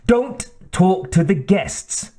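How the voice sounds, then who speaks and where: A man's voice: fairly high pitch, takes it slowly, a little mellow. A man voicing a sleazy, fawning young male hotel desk clerk in an audiobook. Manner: fawning, wheedling.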